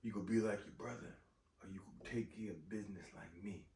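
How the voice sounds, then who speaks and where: A man voicing a cool, menacing male villain who speaks in a low, hushed, persuasive way. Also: fairly quick, slight background noise, lightly acted. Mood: tempting. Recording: roomy echo, distant mic.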